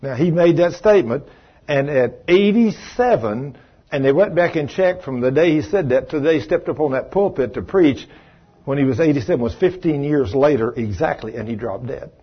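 Husky folksy preacher man. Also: on the high side, animated, normal speed, highs cut off. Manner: folksy Southern-style preaching, acting out quoted voices. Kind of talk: folksy televised sermon.

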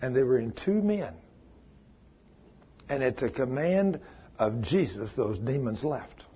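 A man's voice: medium pitch, animated, unhurried, husky, muffled recording. A man preaching a fervent sermon in a church, mixing stories with scripture reading. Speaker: pastor.

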